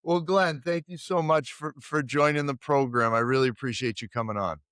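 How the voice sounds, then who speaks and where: A middle-aged man from the United States hosting a casual podcast interview, chatty and quick to laugh. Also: medium pitch, steady tone, a bit bright, no room sound, clean studio sound. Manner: chatty, laughs easily, stumbles over apologies. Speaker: podcast host.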